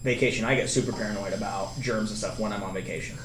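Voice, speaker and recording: A man's voice: fairly low pitch, fast talker, recorded from a distance, crowd noise. Chatty man telling a story in an echoey room. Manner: animated storyteller, laughs often, acts out quotes. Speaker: podcast guest. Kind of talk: casual storytelling.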